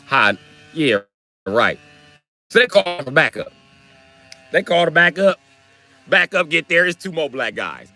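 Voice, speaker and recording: A man's voice: on the high side, sing-song, unhurried, long pauses. A young man from Wisconsin with a Wisconsin accent, telling a profane story on a livestream and acting out every quote. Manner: profane, swings into loud acted quotes. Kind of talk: animated storytelling.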